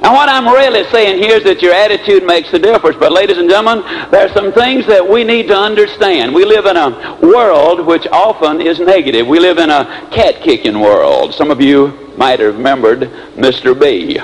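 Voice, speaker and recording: High-voiced animated man telling stories. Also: normal speed, hardly any pauses, poor audio. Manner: animated storyteller, swooping pitch and pace. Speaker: motivational speaker. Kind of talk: motivational speech with acted-out stories.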